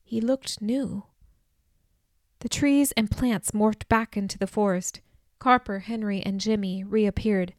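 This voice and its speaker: A woman's voice: medium pitch, fairly even intonation, slow pace, no echo. Woman reading a novel in a dry, close voice. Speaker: audiobook narrator. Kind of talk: scripted first-person narration.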